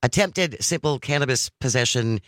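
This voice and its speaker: A man's voice: medium pitch, animated, normal speed, fairly bright tone, dry recording, clean studio sound. A man hosting a radio talk show, reading news items and then chatting about them with his co-host.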